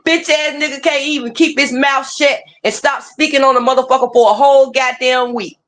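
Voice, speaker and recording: A woman's voice: high voice, fairly even intonation, brisk, a bit bright. A woman hosting a livestream, ranting casually with heated, profane, repetitive talk. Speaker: livestream host.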